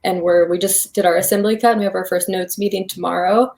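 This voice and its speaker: A woman's voice: medium pitch, steady tone, fast, darkish tone. Upbeat Midwestern woman, laughing guest. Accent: Midwestern American. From Iowa. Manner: upbeat, laughs often, says "like" a lot. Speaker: filmmaker guest. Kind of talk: casual interview chat.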